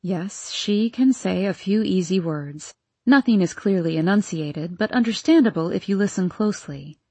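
A woman reading as a calm, practical housekeeper. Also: mid-range voice, moderate pace, slightly rough, dry recording. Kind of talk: audiobook character reading.

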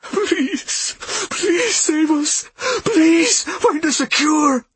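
A man's voice: very high-pitched, expressive, extremely slow, a bit bright, no echo, pitched above the performer's own voice, heavily acted. A man voicing a broken grown man who begs through sobs in a trembling, crying voice. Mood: sobbing plea. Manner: sobbing, trembling, pleading.

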